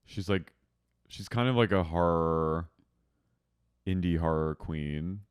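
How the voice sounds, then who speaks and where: Deep, smooth-voiced male co-host on a dry, close mic. Casual and jokey. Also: slow, no echo. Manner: joking, adds punchlines to the recap. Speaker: podcast co-host. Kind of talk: casual chat recapping a reality show.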